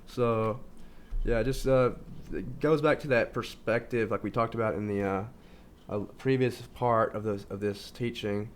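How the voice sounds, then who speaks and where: Rambling low-voiced man, filler-heavy. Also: normal speed. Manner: rambling, many fillers and restarts; informal, says "like" constantly. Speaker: video host. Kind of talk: casual self-help monologue.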